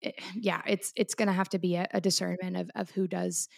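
A woman's voice: on the low side, flat delivery, brisk, creaky. A woman co-hosting a casual podcast chat, reflective and thinking aloud with frequent restarts. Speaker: podcast co-host.

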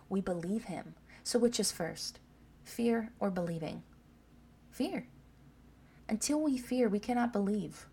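A woman's voice: medium pitch, gravelly, dark tone, slight background noise. Woman preaching an emphatic sermon. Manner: emphatic, asks the listeners "Amen?".

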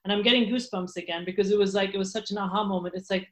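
Speaking very fast with few pauses, a woman with a medium-pitched, steady voice appears as a guest in a casual interview. She's candid, laughs often, and fills her speech with fillers and restarts.

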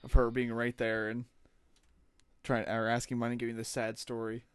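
A man's voice: mid-range voice, monotone, normal speed, clear, resonant tone, no echo. A man who co-hosts a podcast, bantering and teasing his friends with frequent laughter. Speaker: podcast co-host. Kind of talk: casual banter.

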